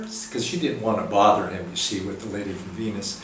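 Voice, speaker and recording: A man gives a spiritual talk, easing through a story in a gentle, halting way with many pauses. His voice carries from a distance through a very echoey hall, with a faint hum of room ambience behind him. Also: fairly low pitch, expressive. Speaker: spiritual teacher.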